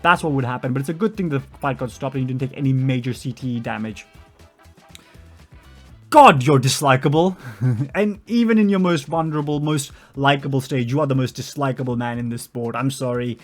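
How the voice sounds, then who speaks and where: A man's voice: medium pitch, quick pace, faint music behind. A man giving a ranting commentary, exasperated and sarcastic, sometimes doing mocking impressions.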